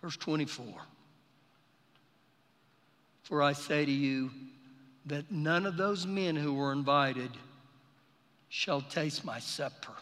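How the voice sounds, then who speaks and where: Brief: fervent male pastor, bright forceful delivery, live sermon in a reverberant hall. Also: on the high side, takes it slowly, long pauses. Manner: impassioned, storytelling, swells to shouting. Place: church sanctuary.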